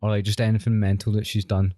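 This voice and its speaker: A man's voice: fairly low pitch, little pitch movement, quick pace, mellow, dry recording, clean studio sound. A podcast host in casual chat, eagerly egging his guest on.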